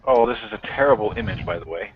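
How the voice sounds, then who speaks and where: A man speaks frankly about his gear and is quick to run it down. His voice sits low. It comes through thin and tinny, like a phone line. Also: husky. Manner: frank, self-deprecating. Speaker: amateur astronomer guest. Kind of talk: casual live-stream chat. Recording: tinny phone-like call audio.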